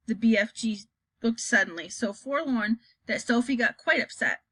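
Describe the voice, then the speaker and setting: A woman narrating a children's novel in a calm, lowered storytelling voice. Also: moderate pace, breathy edge, no room sound. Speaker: audiobook reader.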